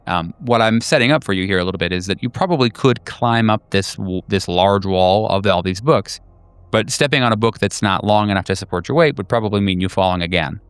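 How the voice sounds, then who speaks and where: A man's voice: fairly quick, smooth, dry recording. A man narrating as game master of a tabletop horror game, hesitant and full of fillers. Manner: hesitant, many fillers and restarts, lively pitch.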